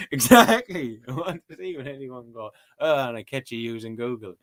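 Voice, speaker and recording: A man's voice: medium pitch, moderate pace, fairly bright tone, no room sound. A young Irish man hosting a casual livestream, teasing his friends and repeating words in playful sing-song runs. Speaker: livestream host.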